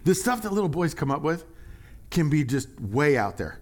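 A man preaching a sermon in a conversational, animated way, acting out little quotes as he goes. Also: on the high side, moderate pace, long pauses. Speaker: pastor.

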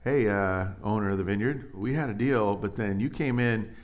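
A man's voice: fairly low pitch, moderate pace, natural voice. A man voicing a grumbling male day laborer who complains indignantly about being treated unfairly. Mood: aggrieved.

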